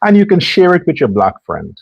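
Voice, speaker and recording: A man's voice: on the high side, wildly swooping pitch, brisk, creaky, breathy edge, no room sound, lo-fi sound. A man hosting a political commentary show, delivering a sarcastic and preachy rant. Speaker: host.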